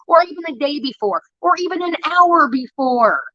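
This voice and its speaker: High bright-voiced woman, angry profane streamer rant, dry and slightly dull sound. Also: moderate pace, dry recording. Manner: profane, heated, defensive. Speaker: livestreamer. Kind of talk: angry ranting monologue.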